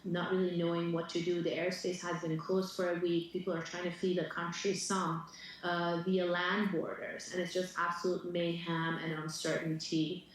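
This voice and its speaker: A woman describing a crisis in a news clip, speaking steadily and gravely. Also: lowish voice, flat delivery, moderate pace. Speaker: news interviewee. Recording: very echoey and distant clip.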